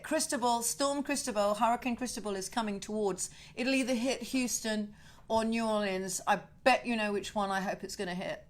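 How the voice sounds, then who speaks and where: A woman hosting a livestream from her home over a webcam, chatting animatedly with viewers, greeting them with whoops and swearing freely in ranting bursts. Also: a little high. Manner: excited whoops greeting fans by name. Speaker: singer-songwriter hosting a livestream.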